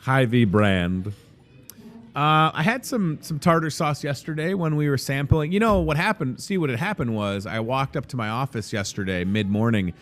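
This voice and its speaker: Animated, joking man hosting a store show. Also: mid-range voice, normal speed. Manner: jokey, rambling, upbeat. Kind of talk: casual live promo chat. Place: inside a grocery store.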